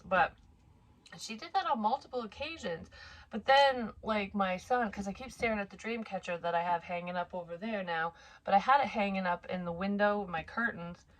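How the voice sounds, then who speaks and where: A woman in her forties, a psychic medium, casually telling a personal story in a frank, profane, rambling way. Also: medium pitch. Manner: chatty, rambling with asides.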